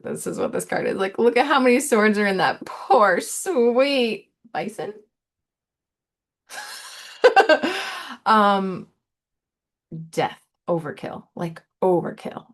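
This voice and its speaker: A woman giving a casual, meandering tarot reading, soft and giggly, repeating words playfully. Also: sits low. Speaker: tarot reader.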